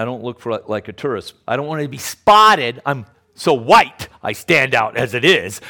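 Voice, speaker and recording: A man's voice: on the high side, fairly bright tone. Preacher, male, easygoing sermon talk, frequent restarts and check-ins. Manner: repeats words, often checks in with "Okay?". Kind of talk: conversational sermon.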